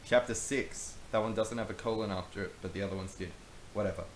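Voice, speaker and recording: A man with a lowish voice reads aloud and breaks off for dry, self-mocking remarks. The room is roomy and echoey, with a faint hiss underneath. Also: steady tone, quick pace. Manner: wry, self-mocking asides. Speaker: YouTuber reading his old book. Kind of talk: casual commentary and reading aloud.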